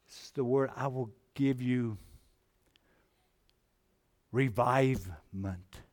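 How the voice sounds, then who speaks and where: A man preaching a sermon, moving between hushed, low passages and loud, emphatic climbs. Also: drawn-out words. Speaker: pastor.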